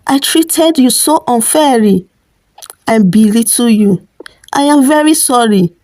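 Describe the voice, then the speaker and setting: A woman voicing a remorseful husband who apologizes slowly and quietly. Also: a little high, animated. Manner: quiet, slow and soft.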